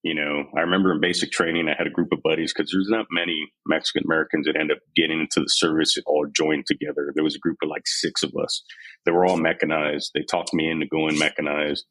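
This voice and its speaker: Very deep, husky-voiced man telling his story. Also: fast talker, low-quality recording. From San Antonio, Texas. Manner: candid, animated retelling with quoted voices. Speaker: podcast guest, army veteran. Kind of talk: candid storytelling interview.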